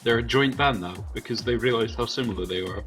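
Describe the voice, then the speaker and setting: A man's voice: mid-range voice, fast, music in the background. A young man bantering on a game stream, teasing his friend and laughing often. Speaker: co-host. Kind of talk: casual gaming stream banter.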